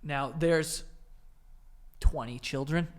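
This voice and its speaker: A New York man on a podcast whose voice sits a bit high for a man. He rambles and trips over his words, then lands a joke. His casual swearing keeps the talk loose. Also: slow pace. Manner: laid-back, rambling, joking. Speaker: podcast co-host.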